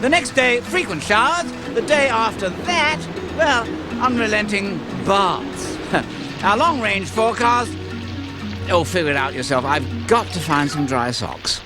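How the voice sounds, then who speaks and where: A man's voice: high voice, animated, a little slow, over music, voice pushed up. A man voicing a harried male TV weatherman who reads a comic forecast and grows fed up with the rain. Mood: exasperated. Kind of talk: comic weather report skit.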